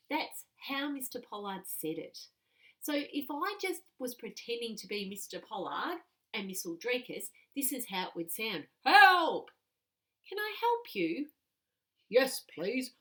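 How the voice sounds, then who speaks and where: A woman teaching a lesson to young children, patient and clear. Her pitch moves a lot as she talks, animated and bouncy, and she reads example sentences aloud with expression.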